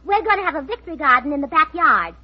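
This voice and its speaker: A woman with a high, sweet voice plays a scatterbrained wife in a 1940s radio comedy. She says absurd things in a perfectly matter-of-fact way. The recording is dull and muffled. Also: lively intonation, fast talker. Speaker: comedian, co-star of the show.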